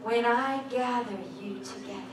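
A woman preaching a sermon in a church, exuberant and often laughing as she rises toward a near-shout. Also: on the high side, normal speed. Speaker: guest preacher. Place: church sanctuary. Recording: echoey church hall, distant mic, background noise.

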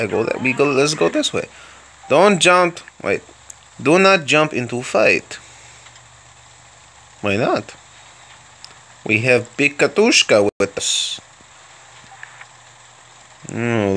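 A young man commenting on his own tank game in a playful mock Russian accent, with excitable outbursts mid-battle. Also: mid-range voice. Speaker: gaming video host. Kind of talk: gameplay commentary.

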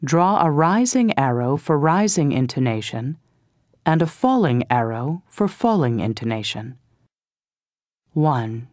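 A woman narrating an English course, announcing exercise numbers and instructions in a measured way. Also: low voice, big pitch swings, darkish tone, no room sound, clean studio sound.

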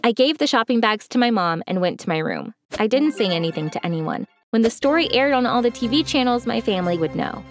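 A woman's voice: a little high, brisk, few pauses, soft background music. Young woman telling a story expressively. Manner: expressive first-person storytelling. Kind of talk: scripted story narration.

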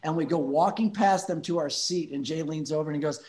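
A man who used to be a show regular tells a lively, funny story and laughs often. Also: fairly high pitch, a little fast. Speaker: guest, former show regular. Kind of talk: anecdote telling.

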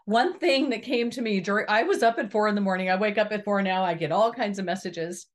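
An earnest woman gives an inspirational talk at an ordinary middle pitch. She preaches with emphatic repetition and lifts her voice when she acts out the people she quotes. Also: brisk. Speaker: motivational speaker. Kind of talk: inspirational monologue to camera.

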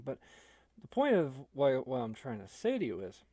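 A man's voice: medium pitch, huge pitch swings, normal speed, dark tone, dry recording. A man, an online video creator, talking casually and rambling with many restarts.

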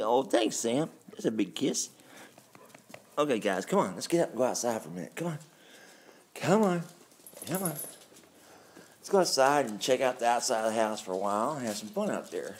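A Texan man who vlogs at home while dog-sitting coos and baby-talks to the dogs, laughing often in a chatty, playful way. His pitch is lively, his pace moderate with frequent pauses, and the casual video is recorded indoors and in the yard on a handheld camera mic with slight background noise.

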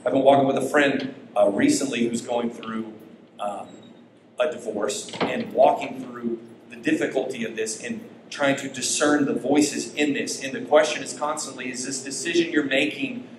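A man preaching a sermon as pastor, emphatic, with his pitch rising and falling. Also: normal speed, background noise. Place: church sanctuary. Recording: echoey church hall.

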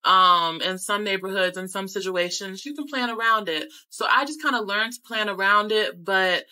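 A young woman with an American accent talks straight to camera about her travels. Her voice is bright and forward at a middling pitch. She speaks candidly and conversationally, often leaning on "like". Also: animated, normal speed, rough recording. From United States. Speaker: travel vlogger. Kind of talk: casual talk to camera.

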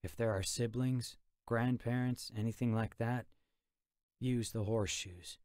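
A man's voice: mid-range voice, steady tone, a little slow, darkish tone, dry recording, clean studio sound, natural voice. A man voicing a curt troll warrior giving orders. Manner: terse, commanding. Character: gruff male troll warrior, curt leader.

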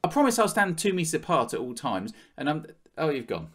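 A man pleads and wheedles with a housemate in a comedy sketch. His pitch leaps about all over the place, from low mutters to high pleas. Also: big pitch swings, fairly quick, a bit bright.

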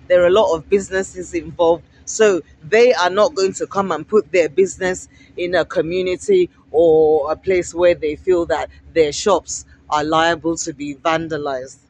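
A woman from Africa chatting to camera while she walks outdoors along a busy street. She repeats herself a lot, asks her viewers many rhetorical questions and gets excitable. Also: lowish voice, rough recording. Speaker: vlogger. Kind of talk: casual walking vlog to camera.

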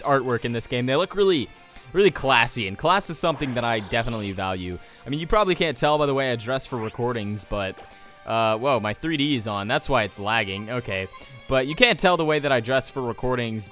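A man's voice: mid-range voice, a bit bright. A young adult man giving casual gameplay commentary, rambling with jokey asides. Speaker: let's play host.

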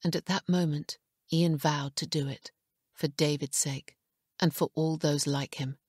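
A woman narrating an audiobook in a hushed, measured way, recorded in a studio booth. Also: low voice, fairly even intonation, slightly rough, no echo. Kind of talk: scripted narration.

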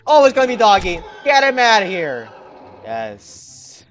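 Young male gaming host, high-pitched, hyped, faint game music underneath. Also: a little slow, muffled recording. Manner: energetic, talks to viewers, hypes himself up. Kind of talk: excited gameplay commentary.

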